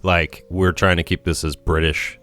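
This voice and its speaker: Deep-voiced man rambling on a film podcast. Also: level tone, normal speed, fairly bright tone, faint music behind. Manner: rambling, filler-heavy, swears. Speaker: podcast co-host. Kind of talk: casual film discussion.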